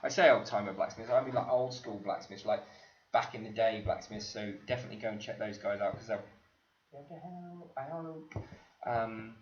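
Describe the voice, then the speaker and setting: A man's voice: lowish voice, moderate pace, a little hiss or hum. A middle-aged man hosting a casual livestream, chatty and teasing, laughing often as he answers viewers. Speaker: blacksmith livestream host. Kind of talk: casual livestream chat reading viewer comments. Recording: echoey, dull livestream audio.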